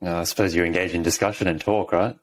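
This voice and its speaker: A man with a very deep, low voice hosts a relaxed podcast. His replies are short and tentative, like someone offering a careful guess. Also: fast, a little hiss or hum. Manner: brief, tentative answers and guesses. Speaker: podcast host. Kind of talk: casual podcast interview.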